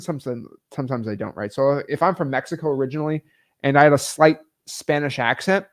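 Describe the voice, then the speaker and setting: A man coaching real estate wholesaling in casual, energetic talk full of fillers. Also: fairly high pitch. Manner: energetic, filler-heavy, chatty.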